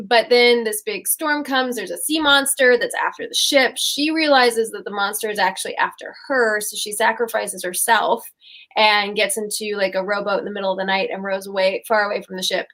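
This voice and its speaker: A woman's voice: medium pitch, fairly even intonation, fairly quick, fairly bright tone. A young woman co-hosting a casual chat show, retelling fairy tales in a rambling, giggly way. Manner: chatty, rambling, giggly storytelling. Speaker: co-host.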